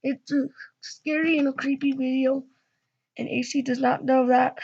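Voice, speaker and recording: High-voiced, excitable woman hosting reactions. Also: moderate pace, husky, dull audio. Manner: excitable, chatty and rambling. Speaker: reaction channel host. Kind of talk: casual reaction chat.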